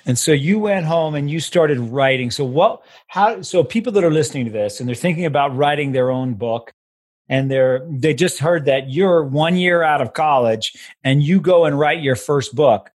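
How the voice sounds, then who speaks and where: A man's voice: fairly high pitch, lively intonation, normal speed. An older man hosting a podcast, chatting casually and steering the guest with questions. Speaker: podcast host. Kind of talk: casual interview chat.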